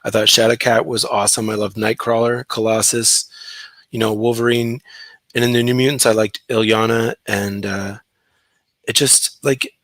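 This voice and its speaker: A man's voice: lowish voice, flat delivery, moderate pace, fairly bright tone, dry recording. A man chatting casually on a podcast about comics he loved, enthusiastic and rambling with restarts. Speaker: guest comic artist.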